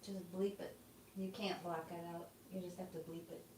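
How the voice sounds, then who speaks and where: A woman off camera, prompting in quiet, half-whispered asides. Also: fairly low pitch, flat delivery, moderate pace. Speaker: off-camera helper.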